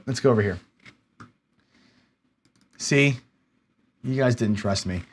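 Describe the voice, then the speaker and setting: Male live-stream host, mid-pitched, casual, muttering and exasperated at his desk. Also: takes it slowly, long pauses. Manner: frustrated, muttering to himself while searching. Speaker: livestream host.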